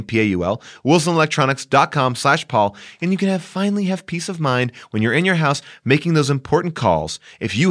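A man's voice: a little high, fairly bright tone. A man hosting a podcast, chatting casually with co-hosts and doing hammy, playful sponsor reads. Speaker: podcast host.

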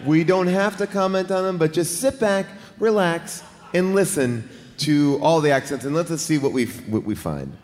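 A man's voice: a little high, moderate pace, a little mellow. A man hosting a casual, jokey movie discussion, dropping into playful voices for quotes. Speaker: podcast host. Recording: roomy hall, faint background noise.

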